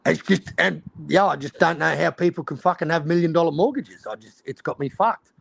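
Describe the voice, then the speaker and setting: High-voiced, gravelly Australian man ranting. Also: brisk. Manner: ranting, heavy swearing. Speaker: stream host. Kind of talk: casual chat.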